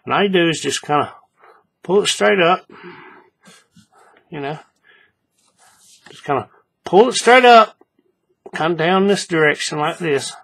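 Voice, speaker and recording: A man's voice: on the high side, measured pace, gravelly, long pauses, slightly rough. A man casually walking viewers through a hands-on crafting tutorial, repeating steps and checking that they follow along. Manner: relaxed, repetitive, often checks the viewer follows. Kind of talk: casual step-by-step demonstration.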